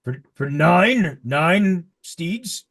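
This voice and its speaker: Man doing a big half-orc horse dealer, greedy, flustered, stammering, husky, a bit higher and louder. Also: animated, drawn-out words, exaggerated voice.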